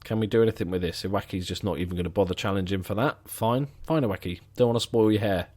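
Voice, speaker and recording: A man with a fairly low voice talks through a football management match. He mutters dry, sarcastic asides and casual commentary as the game plays. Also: fast talker, a little mellow. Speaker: gaming commentator.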